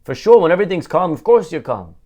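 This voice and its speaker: Fast and high-pitched, a rabbi preaches a Torah lesson with plenty of animation, answering his own rhetorical questions and repeating phrases for emphasis. The high frequencies of the recording are cut off.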